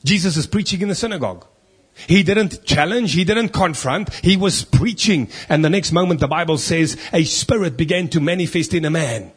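A man's voice: a little high, animated, normal speed, breathy edge. A man preaching a sermon in church, emphatic, asking rhetorical questions and reading scripture aloud.

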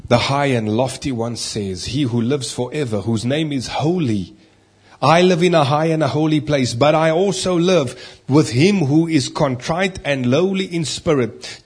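A man preaching a sermon, emphatic, swinging between loud stressed lines and quiet asides. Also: mid-range voice, slightly rough. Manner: emphatic, rising and dropping loudness for stress.

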